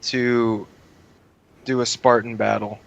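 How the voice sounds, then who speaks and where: A man co-hosting a gaming podcast in casual chat, tossing in deadpan jokes. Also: medium pitch, takes it slowly, gravelly, highs cut off. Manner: deadpan joking quips. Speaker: podcast co-host.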